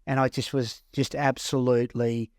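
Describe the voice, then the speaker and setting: A man's voice: medium pitch, little pitch movement, a little mellow, dry recording. Earnest Australian man, dry sound. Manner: earnest, halting, repeats words. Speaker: counsellor and mentor. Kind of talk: personal story told to camera.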